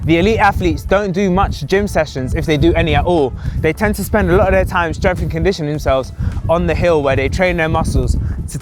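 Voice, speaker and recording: A man presenting a running vlog outdoors on a windy hillside, out of breath between hill sprints and talking with energy. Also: fairly high pitch.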